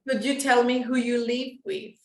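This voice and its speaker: A woman from Colombia with a Paisa Spanish accent, teaching an English class and modelling sounds slowly, slipping into Spanish to explain. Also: fairly high pitch, fairly even intonation, darkish tone, roomy sound, low-quality recording.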